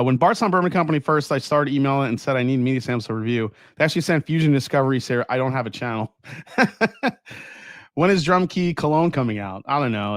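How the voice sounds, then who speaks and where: A man hosting a casual whiskey livestream, reading viewer comments aloud and chatting in a relaxed, enthusiastic way. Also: mid-range voice, no echo, studio quality. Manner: relaxed, enthusiastic, laughs often. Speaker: whiskey channel host. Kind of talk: casual livestream chat, reading super chats.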